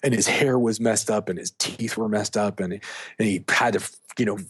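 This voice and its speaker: A man's voice: on the low side, steady tone, normal speed, a bit bright, slightly rough. A man guest on an interview, a coach speaking casually and emphatically with lots of fillers. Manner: emphatic, storytelling, heavy on fillers like "like". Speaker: guest, dating and sex coach.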